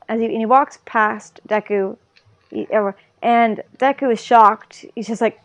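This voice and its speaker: A woman co-hosting a podcast, chatting in an animated way and retelling scenes. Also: a little high, moderate pace. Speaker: podcast co-host. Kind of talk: casual anime discussion.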